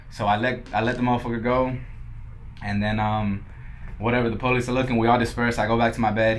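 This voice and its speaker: A man's voice: mid-range voice, slight background noise. A young man from Los Angeles, a podcast guest who tells his story casually, swearing often and acting out what others said. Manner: laid-back, swears a lot, quotes others in dialogue.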